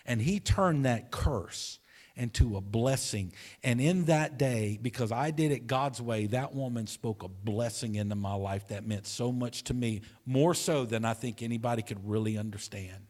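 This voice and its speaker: A male pastor preaches to his congregation, carrying a personal story in an earnest, conversational way. His pitch sits in the middle for a man, and he repeats himself as he builds a point. He sinks to a soft, hushed voice for the tender moments. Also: measured pace. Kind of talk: sermon. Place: church sanctuary.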